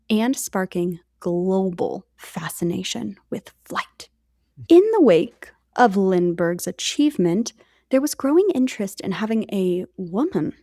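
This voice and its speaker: Gravelly-voiced woman telling a history story. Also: medium pitch, dark tone, no echo, studio quality. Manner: chatty, jokey asides to co-host. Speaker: podcast co-host. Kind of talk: casual storytelling podcast.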